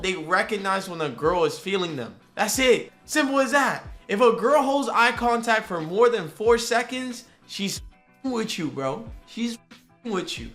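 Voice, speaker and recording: A young man tells a casual story straight to the camera, full of slang and quick asides. His voice is bright and sits a little high. It jumps even higher whenever he acts out his disbelief. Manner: animated, slangy storytelling that rises high when excited. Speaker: vlogger.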